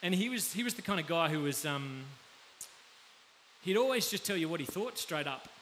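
A man with an Australian accent preaching a conversational sermon, often pausing to check in with his listeners. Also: fairly high pitch, lively intonation, fairly bright tone. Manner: conversational, pauses to ask the audience. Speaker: pastor. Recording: faint background hiss.

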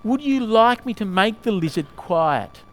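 A man's voice: high-pitched, expressive, unhurried, voice pushed up. Man reading a firm, mighty angel. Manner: firm, insistent. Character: mighty, calm male angel.

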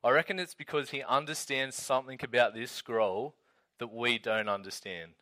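Bright chatty young Aussie youth leader. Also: male voice, medium pitch, fairly even intonation, moderate pace. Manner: chatty, storytelling, lots of "like" and "um". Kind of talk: casual youth talk with Bible reading.

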